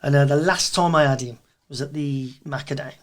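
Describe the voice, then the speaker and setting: A man with a Birmingham accent, a guest event promoter chatting casually and telling animated stories, acting out quotes. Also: mid-range voice, a little fast. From England. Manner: animated storyteller, acts out quotes. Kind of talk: casual chat.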